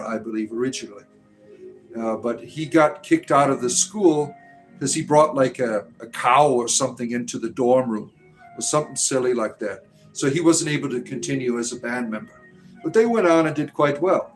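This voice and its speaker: A man's voice: medium pitch, poor audio. Rambling man chatting on a livestream. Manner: rambling, answers chat questions with frequent "right?". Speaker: livestream host answering chat. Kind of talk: casual livestream chat.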